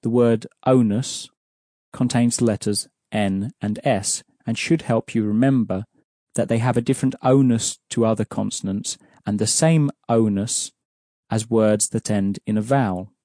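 Patient male language teacher, dark voice. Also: lowish voice, a little slow, dry recording, studio quality. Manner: patient, explanatory, asks prompting questions. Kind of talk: audio language lesson.

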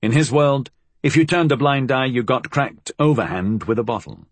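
A man reading a novel aloud as scripted audiobook narration, in a measured, even storytelling manner. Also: medium pitch, no room sound.

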